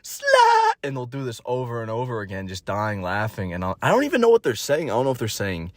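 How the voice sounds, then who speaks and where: A man's voice: lowish voice, sing-song, fast, no room sound, clean studio sound. A young man in his twenties telling stories in a profane, rambling, mocking comedic rant.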